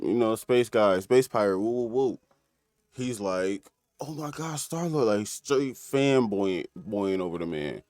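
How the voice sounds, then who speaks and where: A man's voice: on the low side, a little mellow, clear, resonant tone, no echo. A man casually recapping an episode on a stream, rambling with fillers, restarts and laughter.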